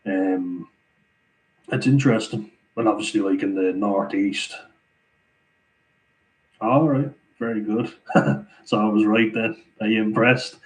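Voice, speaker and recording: Irish male streamer, casual live chat host, lowish steady voice, laughs a lot. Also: takes it slowly, long pauses, rough recording. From Ireland. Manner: chatty, laughs often, reads comments aloud. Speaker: livestream host answering viewer chat.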